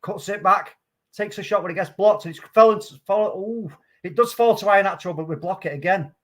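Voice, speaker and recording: A man giving live, excitable commentary on a football match, calm play-by-play that flares into loud outbursts. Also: high-pitched, brisk. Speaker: watchalong host.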